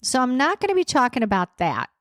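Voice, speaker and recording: A woman's voice: high-pitched, very animated, quick pace, fairly bright tone, no room sound, clean studio sound. A woman hosting her own coaching podcast, speaking in an encouraging tone and asking rhetorical questions while getting over a cold. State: recovering from a cold. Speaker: podcast host and life coach. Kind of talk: solo podcast talk.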